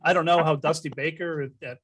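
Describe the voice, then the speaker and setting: Sports pod co-host guy, kinda high voice, cracking jokes while he picks. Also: steady tone, fast, fairly bright tone. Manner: joking, teasing asides. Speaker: podcast co-host. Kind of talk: casual sports chat.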